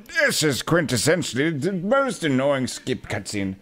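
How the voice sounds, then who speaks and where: A man playing a game for a video, joking sarcastically and jumping into sudden loud, high yelps. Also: huge pitch swings, measured pace. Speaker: gaming YouTuber. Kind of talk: let's play commentary.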